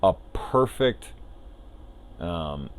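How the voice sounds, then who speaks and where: A man's voice: low-pitched, very animated, drawn-out words. A man casually rambling through a spoiler discussion of a film as a reviewer, enthusiastic and swearing freely.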